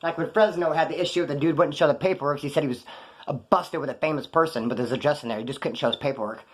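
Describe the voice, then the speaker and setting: A man's voice: a little high, fast. A man casually recounting his prison days in slangy, profane street talk, rambling and correcting himself as he goes. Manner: loose, digressive, corrects himself mid-story. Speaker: former prisoner telling stories. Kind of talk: casual storytelling monologue.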